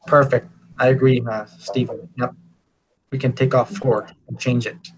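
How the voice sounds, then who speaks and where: A man leads an online English lesson over a video call, his voice mid-pitched and even. He corrects grammar patiently, filling pauses with ums and quick approvals. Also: a little hiss or hum, poor audio. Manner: encouraging, hesitant with fillers. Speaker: English teacher. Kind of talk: online class feedback.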